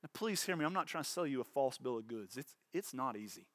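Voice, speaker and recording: A man's voice: medium pitch, animated, fast, a bit bright, no room sound. A man preaching a sermon as pastor, impassioned, repeating words and acting out little voices.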